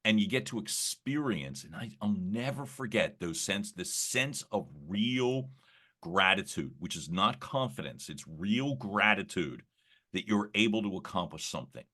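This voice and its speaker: A man guesting on a podcast, talking in a reflective, rambling way with many fillers and restarts and a slightly gravelly early-morning voice. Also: fairly low pitch, lively intonation, a little slow, bright, forceful tone. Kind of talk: casual conversational interview.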